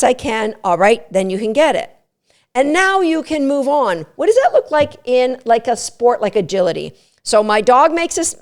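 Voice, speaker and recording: A middle-aged woman hosting a dog training podcast, explaining methods in an emphatic, coaching tone with quick asides. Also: on the high side. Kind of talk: instructional podcast talk.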